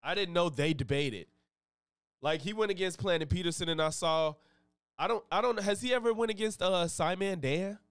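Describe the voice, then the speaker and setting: A male streamer talks to his chat in a loose, rambling, profane way. His voice is smooth and clear. It is captured close up on a dry desk mic. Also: high-pitched, normal speed, no room sound. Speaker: live streamer, host. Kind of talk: casual live-stream reaction chat.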